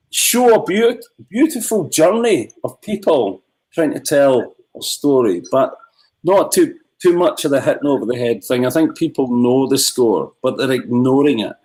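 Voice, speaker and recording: Brief: middle-aged filmmaker, fired-up rant, high, lively voice, video call. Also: male voice, rough recording. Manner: impassioned ranting, animated. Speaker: filmmaker guest. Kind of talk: livestream Q&A.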